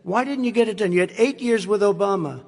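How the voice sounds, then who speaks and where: A man's voice: high-pitched, quick pace. An older man in his seventies debating live, combative and interrupting, repeating his points. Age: 70s. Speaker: debate candidate. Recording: live hall with reverb.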